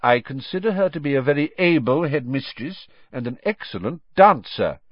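A man voicing a calm, wise elderly male headmaster wizard who speaks quietly. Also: medium pitch, normal speed, no echo, dull audio, voice pushed up, natural voice.

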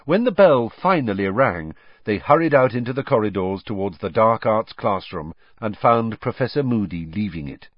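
A man narrating an audiobook with expressive storytelling and character voices. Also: on the low side, moderate pace, no room sound, highs cut off.

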